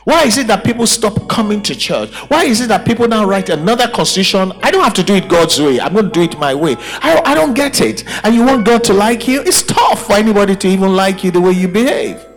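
A man's voice: sits high, lively intonation, fast, hardly any pauses, faint music behind. A man preaching a sermon at a church service, emphatic and full of rhetorical questions. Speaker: pastor.

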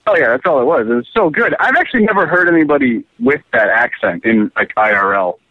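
Goofy, husky-voiced man in banter. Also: mid-range voice, big pitch swings, fast, no echo, narrow, tinny audio. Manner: goofy, laughing, easily sheepish. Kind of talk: casual comedic chat.

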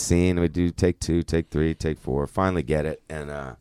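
A man's voice: extremely low pitch, normal speed, mellow, clean tone, no echo, clean studio sound. A middle-aged man, an actor guest, telling stories in a casual interview, swearing freely and acting out quoted dialogue.

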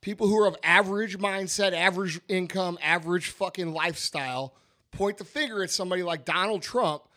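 A man's voice: high voice, a little fast, pushed and bright. A man, talking bluntly and emphatically on a podcast and swearing a lot. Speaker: podcast host, business owner. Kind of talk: casual podcast chat.

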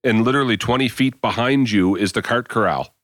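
A man's voice: mid-range voice, a little fast, a bit bright, no room sound. A man co-hosting a podcast, casually and enthusiastically describing a video he watched. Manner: enthusiastic, recounts viral videos with laughs. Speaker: podcast co-host. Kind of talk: casual chat.

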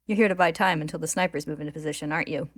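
Cool, sly male villain, as a woman narrator reads him, low, even and quietly smug. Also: racing.

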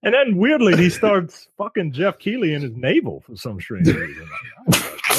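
A man's voice: high voice, wildly swooping pitch, moderate pace, few pauses, slight background noise. A man co-hosting a podcast in casual chat, rambling and swearing. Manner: rambling, swears, acts out quotes. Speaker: podcast co-host.

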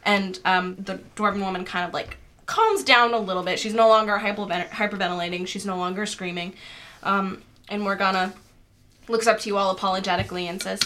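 A woman's voice: medium pitch, steady tone, a little fast, bright, forceful tone. A woman narrating a tabletop game as game master, in casual narration full of fillers.

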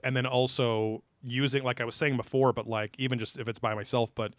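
A man's voice: medium pitch, flat delivery, a little fast, no room sound, studio quality. A man co-hosting a casual podcast, rambling and joking with many fillers and restarts. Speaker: podcast co-host.

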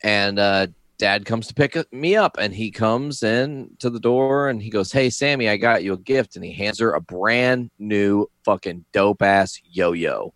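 Man, thirties, low voice, dry recording, relaxed, swears casually, self-mocking. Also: unhurried, hardly any pauses, no echo. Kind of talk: casual storytelling chat.

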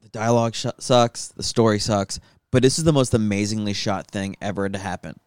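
A man's voice: lowish voice, steady tone, brisk, smooth, no echo, studio quality. A young man chatting casually and joking, telling stories in a loose, riffing way. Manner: joking, storytelling, swears casually. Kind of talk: casual chat.

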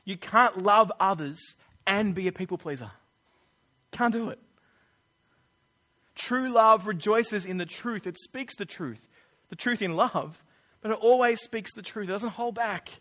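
A man's voice: sits high, a little slow, pauses often, bright, forceful tone. A man preaching a sermon in an earnest, conversational way. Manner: earnest, conversational, acts out quoted voices.

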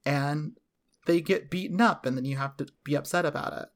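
Sarcastic, deadpan man co-host. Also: a little high, a little fast. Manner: sarcastic, deadpan jokes, heavy use of filler "like". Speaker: podcast co-host. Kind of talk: casual chat.

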